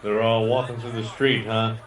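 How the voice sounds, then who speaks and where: A man's voice: on the low side, little pitch movement, moderate pace, crowd noise. Laid-back man in an echoey room. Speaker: player. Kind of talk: casual chat.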